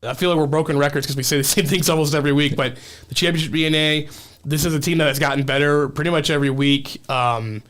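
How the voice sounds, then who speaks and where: A man's voice: a little high, fairly even intonation, fast, a bit bright. Enthusiastic rambling man talking sports. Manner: enthusiastic, rambling with many fillers. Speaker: sports show co-host. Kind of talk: casual sports talk.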